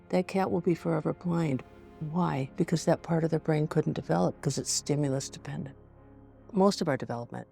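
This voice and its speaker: A woman in her sixties tells a story as a podcast guest, slipping into the voices of the people she describes. Her voice is gravelly and mellow. Soft music sits faintly behind her. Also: deep voice. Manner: vivid anecdotal storytelling, acting out quotes. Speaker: forensic pediatrician guest.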